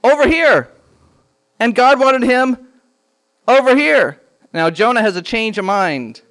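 Guy teaching a kids bible class, high voice, keeps asking the kids questions, animated. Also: slow pace. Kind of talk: teaching a children's Bible lesson.

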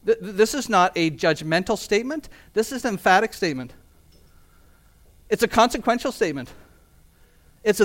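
Earnest high-voiced male preacher. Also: animated, normal speed, pauses often, fairly bright tone. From Canada. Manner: earnest, emphatic preaching with rhetorical questions. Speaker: pastor. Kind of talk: sermon.

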